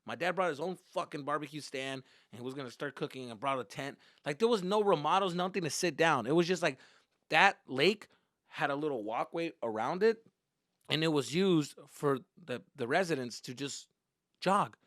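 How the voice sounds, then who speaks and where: A man, a comedian, telling a childhood story in an animated, profane way, slipping into Spanish. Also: on the high side, normal speed, dry recording, clean studio sound. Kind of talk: stand-up style storytelling.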